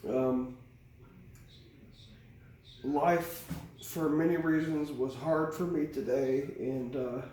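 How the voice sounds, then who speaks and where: A man's voice: fairly high pitch, fairly even intonation, slow, pauses often, a little mellow. A man giving a casual, rambling tarot reading, candid and swearing freely, recorded at a distance in a very echoey room. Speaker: tarot reader. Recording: very echoey room, distant mic, faint hiss.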